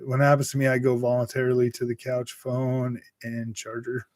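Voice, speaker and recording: A man's voice: mid-range voice, completely flat delivery, normal speed, a little mellow, slight background noise. A young man hosting a casual gaming livestream, rambling about consoles and answering chat, laughing often and calling everyone dude and bro. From Utah. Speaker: gaming channel host reading live chat.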